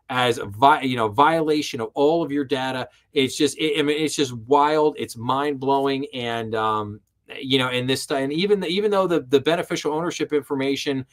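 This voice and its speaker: A man hosting a live-streamed finance show, giving impassioned, sarcastic commentary and often stumbling over repeated words as he gets worked up. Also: mid-range voice. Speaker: host.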